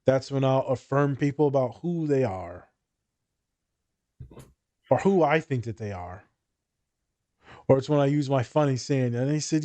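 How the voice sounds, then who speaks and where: Animated, cursing male therapist. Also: medium pitch, moderate pace, long pauses. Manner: animated, profane storytelling with quoted voices. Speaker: therapist and podcast host. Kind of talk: casual podcast chat.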